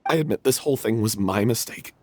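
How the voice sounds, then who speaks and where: A man voicing a guilt-ridden young male actor in a video game, with a husky voice and a remorseful, confessing manner. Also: on the low side, quick pace, darkish tone, dry recording, close to an everyday voice. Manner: confessing, remorseful, self-loathing. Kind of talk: game voice acting.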